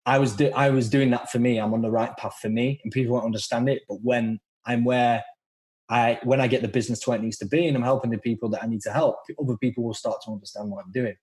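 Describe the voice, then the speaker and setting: A man with a Northern English accent speaking as a podcast guest. His voice sits at a middle pitch. He talks in a blunt, outspoken way and swears freely. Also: fast talker, a little mellow. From northern England. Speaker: guest, coach. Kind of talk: casual podcast conversation.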